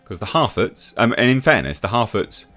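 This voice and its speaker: A man with a very low voice runs a scoffing commentary vlog, breaking off often with filler sounds. Soft music plays faintly underneath. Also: big pitch swings, normal speed. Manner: mocking, scoffing, frequent uh fillers. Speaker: YouTube commentator.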